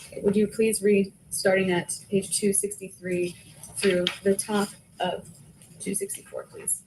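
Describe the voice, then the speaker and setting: A woman attorney questions a witness in court, brisk and formal, her voice at a middling pitch. A clear hiss runs under the courtroom recording. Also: little pitch movement, a little mellow, rough recording. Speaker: prosecuting attorney.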